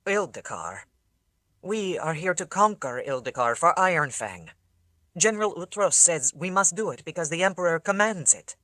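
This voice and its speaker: An audiobook reader voicing a young ancient soldier, newly woken and miserable, speaking in a hushed, pleading way. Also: medium pitch, sing-song, moderate pace, dry recording, clean studio sound. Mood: stiff, proud. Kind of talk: audiobook character voice.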